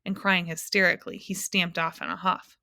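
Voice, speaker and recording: Brief: teacher reading a novel aloud, expressive narration, lowish voice, dry recording. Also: female voice, a little fast, gravelly, no echo. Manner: expressive storytelling.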